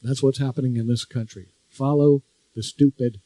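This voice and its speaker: A man's voice: medium pitch, fairly even intonation, moderate pace, dark tone, no echo. A man delivering an indignant, scolding political opinion monologue. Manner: indignant, scolding, mocking mimicry. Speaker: political commentator.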